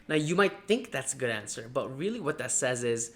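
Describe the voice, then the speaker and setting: Speaking straight to the camera, a male marketing coach walks viewers through job interviews. He's lively and animated, his pitch is medium, and he occasionally plays out short mock exchanges.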